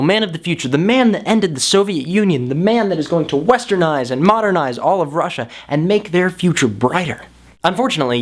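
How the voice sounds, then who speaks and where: A man explaining history to camera in a casual, jokey way, with big swings in pitch for emphasis. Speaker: history vlogger.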